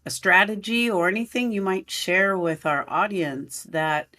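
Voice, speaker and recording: Brief: podcast host, very slow delivery, hesitant, mid pitch. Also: pushed and bright. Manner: slow and searching, hesitant phrasing. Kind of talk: interview questions.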